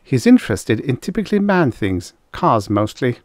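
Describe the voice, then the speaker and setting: A man's voice: medium pitch, very animated, moderate pace, no room sound, clean studio sound, pitched above the performer's own voice, close to an everyday voice. A man voicing an indignant, defensive middle-aged housewife who snaps back sharply. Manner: indignant, snappish.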